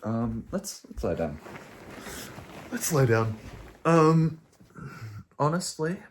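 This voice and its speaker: Slow-talking young man, rambling and sweary. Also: a little high, big pitch swings, slight background noise. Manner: swearing, rambling, swinging from hushed to loud. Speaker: vlogger. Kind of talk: casual rambling to camera.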